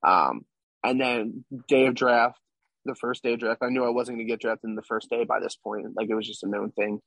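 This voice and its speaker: A man's voice: medium pitch, a little fast, gravelly, a bit bright, dry recording. A young man, a baseball player, recounting his past as a guest in a casual interview, rambling and tagging lines with "right?". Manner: rambling, tag questions like "right?".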